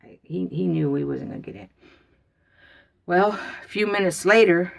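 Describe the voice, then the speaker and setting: Woman spinning a homey story for viewers, gravelly creaky voice, slow and folksy. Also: fairly low pitch. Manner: folksy, drawn-out, animated when quoting.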